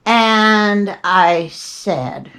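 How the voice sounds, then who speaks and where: A woman's voice: medium pitch, lively intonation, extremely slow, fairly bright tone. Older lady rambling through stories, wry and chatty, voice swings up and down a lot. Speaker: podcast host. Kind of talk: rambling casual storytelling.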